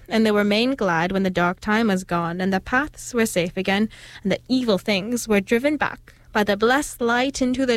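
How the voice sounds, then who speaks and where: A woman reading an old folk tale aloud in a steady, expressive storytelling manner. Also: a little high, dry recording.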